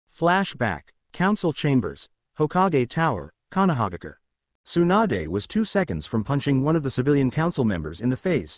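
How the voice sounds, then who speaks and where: A man's voice: medium pitch, no room sound, studio quality. A man narrating a fan fiction story aloud.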